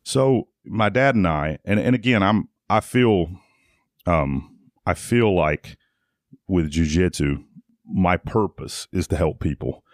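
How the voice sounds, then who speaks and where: Man, middle-aged, low voice, dry close sound, rambling storytelling with restarts. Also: lively intonation, takes it slowly, no room sound. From Tennessee. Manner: rambling, frequent restarts and "like" fillers. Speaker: guest, jiu-jitsu academy owner. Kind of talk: casual conversational storytelling.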